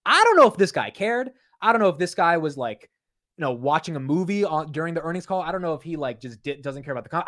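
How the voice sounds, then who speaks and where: A young man giving casual, blunt market commentary in an animated way, with frequent fillers and restarts. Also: fairly high pitch. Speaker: investing commentator.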